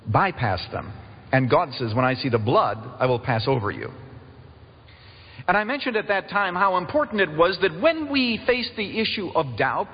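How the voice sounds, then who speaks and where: Man pastor preaching, kinda husky, muffled recording w long church reverb. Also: mid-range voice. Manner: storytelling preacher, animated quoting. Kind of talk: sermon.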